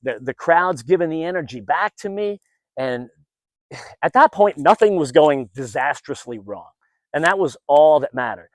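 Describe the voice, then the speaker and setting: A middle-aged man outdoors, telling a personal story in a casual, animated way and acting out what others said. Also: a little high, normal speed, no echo. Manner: animated, acts out what others said, many restarts. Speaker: vlogger and former event announcer.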